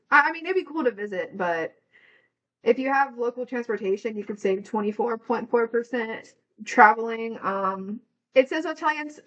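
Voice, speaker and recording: A woman's voice: a little high, a bit bright, highs cut off. Chatty, swearing woman on a podcast. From United States. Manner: chatty, swears freely, reads figures out. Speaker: podcast co-host. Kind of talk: casual chat, reading facts aloud.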